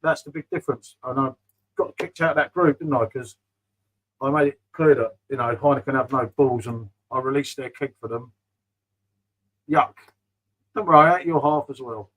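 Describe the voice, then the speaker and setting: A man's voice: mid-range voice, normal speed, long pauses, fairly bright tone, rough recording. A middle-aged man rambling casually about beer on a live stream, often calling viewers mate. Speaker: beer vlogger reading live chat.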